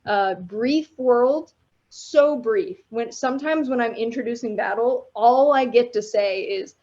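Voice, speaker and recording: A woman's voice: a little high, measured pace, a little mellow. A woman guest speaker giving an informal, chatty and enthusiastic talk to students over a video call. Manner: chatty and enthusiastic, laughs between points. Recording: dull lo-fi audio.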